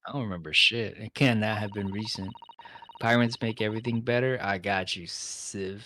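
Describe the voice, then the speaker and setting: A man's voice: fairly low pitch, fairly even intonation, normal speed, sharp tone, dry recording, clean studio sound. A man co-streaming a game, trading crude, joking banter in casual chat.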